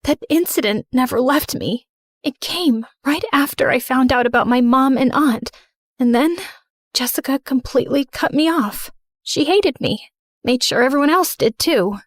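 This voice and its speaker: A woman's voice: high voice, moderate pace, no echo, clean studio sound. Young woman narrating in first person. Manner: earnest, emotional storytelling.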